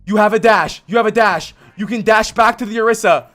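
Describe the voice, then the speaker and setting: A man streaming a gameplay vod review, blunt and exasperated, swearing and yelling at the player he coaches. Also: high-pitched, brisk, faint music behind. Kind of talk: livestream game vod review.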